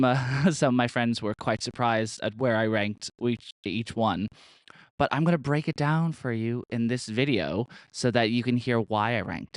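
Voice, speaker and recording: Brief: young male podcast host, smooth clear voice, dry close sound, excitable and sweary. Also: medium pitch, no echo. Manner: chatty and gushing, full of "like" and swearing. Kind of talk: casual chat.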